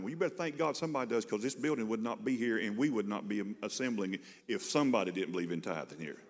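A man's voice: medium pitch, lively intonation, quick pace, hardly any pauses. A man, a pastor preaching a sermon in a conversational, storytelling way, often repeating words as he starts a sentence.

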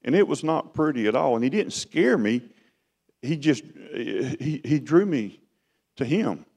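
A man delivers a sermon in a folksy, conversational manner, often swelling louder and higher. His pitch moves a great deal from phrase to phrase. The sound carries the long reverb of a large hall. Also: big pitch swings, a little slow, gravelly. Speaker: preacher.

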